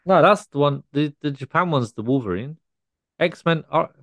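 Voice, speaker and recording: A man's voice: fairly high pitch, lively intonation, normal speed, a bit bright. A young adult man co-hosting a podcast, bantering casually and correcting details. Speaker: podcast co-host. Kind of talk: casual chat.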